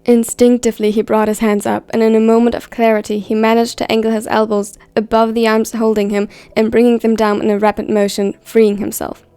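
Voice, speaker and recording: Gravelly woman reading a story, flat delivery. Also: a little high, fairly quick, hardly any pauses, no echo. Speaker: fan fiction reader. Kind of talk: scripted story narration.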